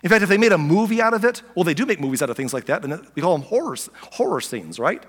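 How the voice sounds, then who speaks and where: A man preaching a sermon as a pastor, talking conversationally and dropping from loud to near-whispered. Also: sits high, sing-song, quick pace, husky, long reverb tail.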